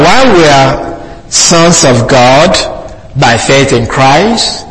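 Higher-voiced man preaching deliberately. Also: a bit bright, low-quality recording. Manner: measured, deliberate teaching with slow emphatic quotes. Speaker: pastor. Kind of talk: expository sermon.

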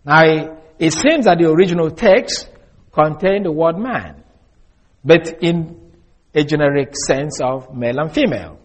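A man preaching an expository Bible teaching, measured and deliberate, slowing down to stress key words. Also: a little high, animated. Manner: measured, deliberate, with restarts and slow emphasis.

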